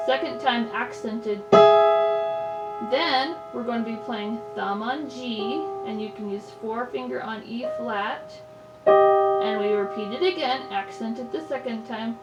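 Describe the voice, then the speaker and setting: A woman's voice: on the high side, distant mic, highs cut off. A woman giving a patient, step-by-step piano lesson, naming each finger and note in turn. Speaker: piano teacher. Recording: echoey room, mic set back, loud piano. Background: piano playing.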